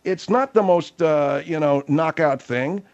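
A man's voice: on the high side, unhurried, lo-fi sound. A man hosting a comedic radio talk show, blustery and emphatic in his complaints.

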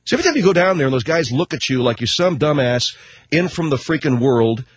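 A man's voice: a little high, big pitch swings, fast, breathy edge, no room sound. A middle-aged man hosting a talk show, telling a rambling, sarcastic comic rant with casual swearing and constant self-corrections. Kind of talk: comedic rant monologue.

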